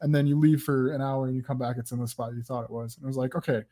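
A man co-hosting a podcast in casual talk about a film, relating to a character in a relaxed, reflective way and repeating phrases as he thinks aloud. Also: medium pitch, rapid-fire. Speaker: podcast co-host.

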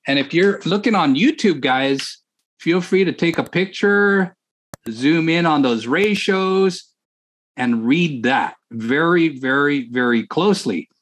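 A man hosting a podcast on real estate and coaching, talking in an energetic, chatty way and laughing often. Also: fairly high pitch, slow pace. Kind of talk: casual chat.

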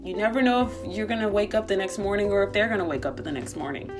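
A woman's voice: medium pitch, fast talker, faint music behind. A woman hosting a podcast who gives relationship advice in a chatty, bubbly way, full of asides. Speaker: podcast host. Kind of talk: casual relationship advice chat.

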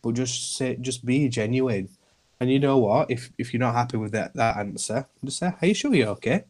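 A man's voice: medium pitch, fairly even intonation, moderate pace, darkish tone. A man, a podcast guest speaking earnestly and reassuringly about looking after each other. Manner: earnest, reassuring, repeats himself. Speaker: guest, community group founder. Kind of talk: podcast interview.

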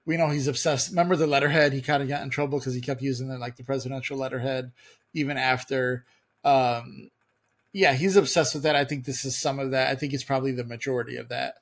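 A man's voice: medium pitch, steady tone, fast. A man co-hosting a podcast, chatting casually about politics, asking questions and hedging his points. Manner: conversational, asks questions, hedging. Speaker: podcast co-host.

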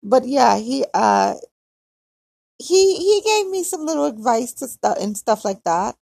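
A woman's voice: on the high side, huge pitch swings, a little slow, vocal fry, a little mellow, no echo. A woman hosting a casual diary-style podcast, chatting in a confiding way with a Hawaiian accent. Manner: chatty, confiding, quotes others. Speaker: podcast host.

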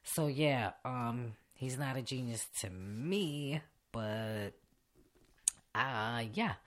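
Speaking very slowly in an expressive bass register, a young female podcast host rants in a radio station studio. The talk is unedited and casual, and she curses a lot, stays blunt, and laughs partway through sentences.

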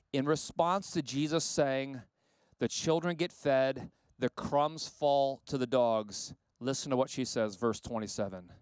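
A male pastor giving a sermon in a conversational, animated way, with frequent asides. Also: mid-range voice, clear, resonant tone, dry recording.

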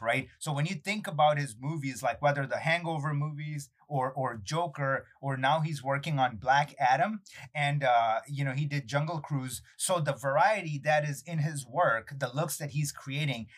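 Man in his thirties, guest, lively storyteller, slightly high voice, many fillers. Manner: animated storyteller, acts out quotes, many fillers. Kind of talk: casual interview chat.

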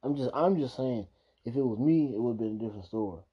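A man's voice: mid-range voice, fast talker, slightly rough, highs cut off. A man reacting to a news clip with heated, profane ranting full of restarts. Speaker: video reactor. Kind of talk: casual reaction commentary.

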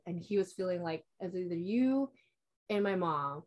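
A woman's voice: lowish voice, unhurried, darkish tone. A young woman in casual chat, telling a long personal story in a rambling way, filling it with "like" and quoting herself and others.

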